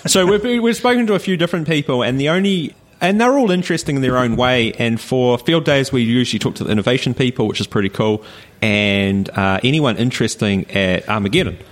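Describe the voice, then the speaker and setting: A man's voice: medium pitch, brisk. A man, co-hosting a podcast and telling a story casually, laughing and acting out voices as he goes. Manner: animated, laughs often, acts out voices. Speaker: podcast co-host. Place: live recording with audience.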